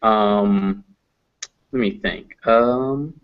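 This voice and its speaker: A man teaching English pronunciation in an online class, patiently explaining phonetic symbols and slowing down to demonstrate sounds. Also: fairly low pitch, clear, resonant tone, muffled recording.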